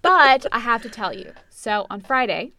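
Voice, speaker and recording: A woman co-hosts a casual chat, eager and quick to react and laugh. Her voice is bright and somewhat high, and it moves a lot in pitch. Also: very animated.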